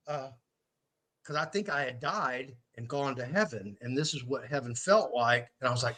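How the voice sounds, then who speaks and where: A man hosting a podcast, telling a story in a casual, animated way, swearing freely and acting out what others said. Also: medium pitch, moderate pace. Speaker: podcast host.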